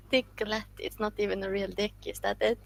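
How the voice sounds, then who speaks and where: Gravelly woman telling a funny story. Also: mid-range voice, little pitch movement, a little fast, rough recording. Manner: laughing, storytelling with dry quips. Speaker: podcast co-host. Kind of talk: casual chat.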